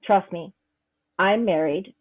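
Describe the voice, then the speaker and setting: A woman's voice: lowish voice, takes it slowly, breathy edge. A woman in her forties doing a stand-up set, brash and teasing the crowd. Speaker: stand-up comic and comedy mentor. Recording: dull lo-fi sound.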